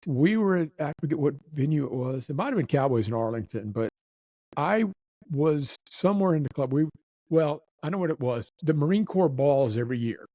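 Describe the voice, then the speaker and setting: A man's voice: fairly high pitch, animated, fairly quick, mellow, no room sound, low-quality recording. A man telling a long story in casual chat, acting out the people he quotes. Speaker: nightclub manager telling stories.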